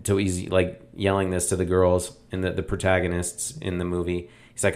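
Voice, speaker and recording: Low-voiced man in a rambling movie review. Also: completely flat delivery, moderate pace, hardly any pauses, a little mellow. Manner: rambling, opinionated, with frequent um and like. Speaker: podcast host reviewing films. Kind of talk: casual movie review monologue.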